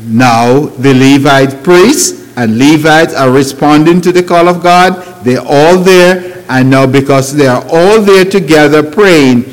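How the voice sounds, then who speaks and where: A man's voice: on the high side, slow, few pauses. A man preaching a sermon, with grammar, rhetorical questions and emphatic rising phrases. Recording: long hall reverb.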